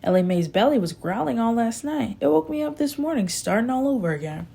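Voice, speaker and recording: A woman voicing a rough young rural man who talks bluntly and makes accusing demands. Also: fairly high pitch, sing-song, a little fast, dark tone, pitched above the performer's own voice, full character voice. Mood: matter-of-fact.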